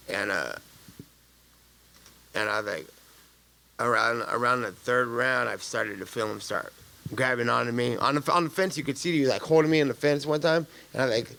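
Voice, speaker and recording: A man's voice: mid-range voice, fairly quick, creaky, a bit bright. A man in his thirties answering press conference questions, blunt and profane, with loose street slang and rambling answers. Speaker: fighter at a post-fight press conference.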